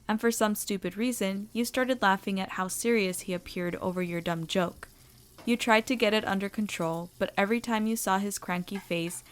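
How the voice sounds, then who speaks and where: A woman narrating fan fiction in an expressive, animated reading voice. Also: mid-range voice. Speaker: story reader.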